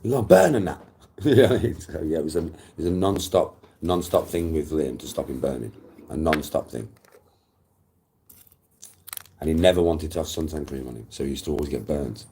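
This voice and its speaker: A man's voice: a bass voice, brisk, dark tone, slight background noise. A middle-aged man, telling rambling stories in casual, profane chat and repeating himself as he goes.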